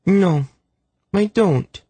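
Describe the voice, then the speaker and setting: A man's voice: high-pitched, very animated, moderate pace, slightly rough, no echo, voice pushed up, exaggerated voice. A man voicing a sulky, spirited young queen stuck in bed, petulant and sarcastic.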